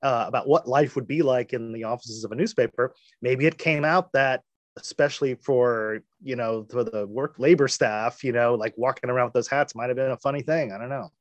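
A man's voice: medium pitch, fairly quick, no room sound, lo-fi sound. A man co-hosting a podcast, musing in a rambling way full of restarts. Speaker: podcast co-host. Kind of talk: casual chat.

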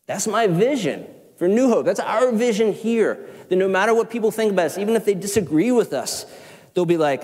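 A man with a Southern accent, a pastor preaching a sermon in an animated, conversational way with self-deprecating asides. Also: a little high, brisk. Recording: long hall reverb.

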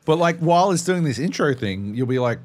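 A man's voice: a little high, animated, normal speed. A man, co-hosting a podcast, telling stories in a profane, rambling, casual way. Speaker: podcast co-host. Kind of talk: casual chat.

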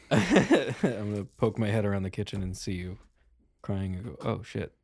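A young man with a low, gravelly voice plays his character in a tabletop game. His pitch swings widely as he laughs often and swears freely. The sound is dry and close. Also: big pitch swings, normal speed, darkish tone, no room sound. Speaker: player. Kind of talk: in-character tabletop role-play.

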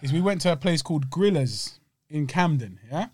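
A chatty man co-hosts a podcast, talking over a meal. His voice sits a little high, and he rambles in loose slang with plenty of restarts. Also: lively intonation, normal speed, a little mellow, husky, dry recording, studio quality. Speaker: podcast co-host. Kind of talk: casual chat while eating.

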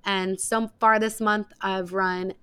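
Young female podcast host, chatty and emotional, filler-heavy, clear tone, dry booth sound. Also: medium pitch, level tone, slow pace, a bit bright, no room sound. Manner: rambling, many "like" fillers, emotional. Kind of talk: casual chat.

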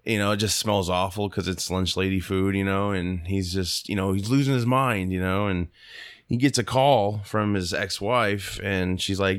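A man casually pitching a silly movie plot on a comedy podcast, rambling with lots of fillers. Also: fairly even intonation, moderate pace, no room sound, studio quality. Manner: rambling storyteller with many fillers, briefly mimics characters.

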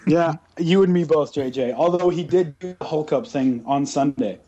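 A fairly high-voiced man with a warm, mellow tone, co-hosting a casual chat. He rants with animated energy and breaks into mocking impressions. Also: normal speed, dull audio. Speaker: podcast co-host.

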